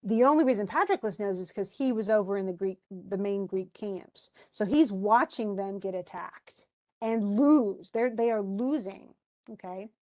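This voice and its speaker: An animated woman walks through a book chapter in a casual, conversational way. She speaks at a middle pitch and sounds like a teacher talking to her students. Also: normal speed.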